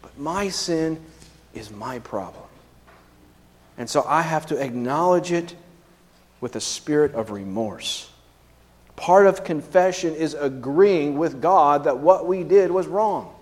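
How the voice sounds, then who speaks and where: Man, pastor, conversational sermon, fairly high voice, long hall reverb. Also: animated, takes it slowly. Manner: conversational preaching, frequent tag questions and fillers.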